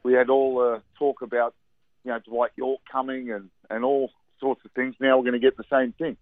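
An Australian radio pundit talks football over a tinny phone line in a phone-in sports chat. His mid-range voice is flat and at normal speed in a dry recording, and he's chatty, repeating words for emphasis.

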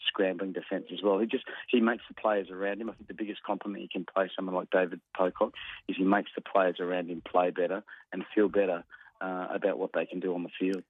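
A man's voice: low voice, little pitch movement, quick pace, slightly rough, dry recording. An Australian man, a rugby commentator, talking earnestly over the phone on a radio show, with lots of ums and restarts. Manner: hesitant, many ums, earnest. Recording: dry tinny phone line.

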